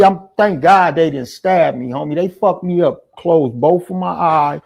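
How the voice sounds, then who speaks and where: A man's voice: fairly high pitch, unhurried, gravelly, few pauses, darkish tone. A man telling a jail story in a casual, slangy, emphatic way as an interview guest. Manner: slangy, emphatic street talk.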